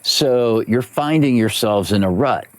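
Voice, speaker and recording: A man's voice: mid-range voice, a little slow. A man who works as a voice actor and coach, explaining his craft in an interview and repeating key phrases for emphasis.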